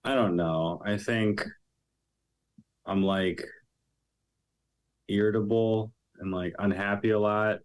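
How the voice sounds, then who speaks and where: A man's voice: on the low side, steady tone, takes it slowly, pauses often, clear, resonant tone. A man who is a guest on a podcast, chatting casually in a hesitant way full of fillers and self-deprecating remarks.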